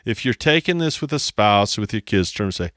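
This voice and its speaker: A man with a lowish voice teaches at a board, joking about himself and circling back to repeat his phrases. The sound is dry and close, with no room around it. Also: lively intonation, brisk, a bit bright, dry recording. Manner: playful, self-mocking, repeats phrases. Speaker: instructor. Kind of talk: explaining on a whiteboard.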